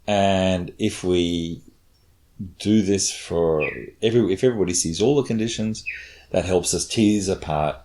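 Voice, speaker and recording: Very deep-voiced man explaining research. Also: measured pace, darkish tone. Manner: explains experiments patiently, demonstrates intonation. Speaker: cognitive scientist guest. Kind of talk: casual explanatory chat.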